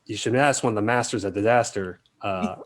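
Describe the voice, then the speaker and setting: A man being interviewed as a film director, talking casually and acting out quotes in animated stories. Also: fairly low pitch, brisk. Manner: animated storyteller, acts out quotes.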